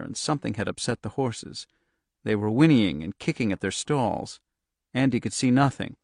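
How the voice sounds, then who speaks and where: A man narrates an audiobook with steady, tense pacing. His voice sits in a middle register. The recording is dry and close, with no room sound. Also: medium pitch, gravelly, dry recording.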